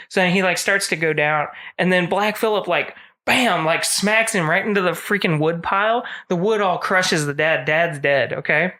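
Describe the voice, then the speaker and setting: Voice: mid-range voice, normal speed, few pauses, pushed and bright. A podcast host casually retelling a film's plot, rambling with lots of fillers and acting out the characters.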